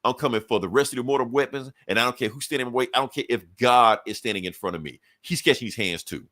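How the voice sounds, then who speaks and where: A man's voice: mid-range voice, fast talker, a bit bright, lightly acted. A man voicing a furious female hulking heroine who makes blunt, swaggering threats. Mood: defiant.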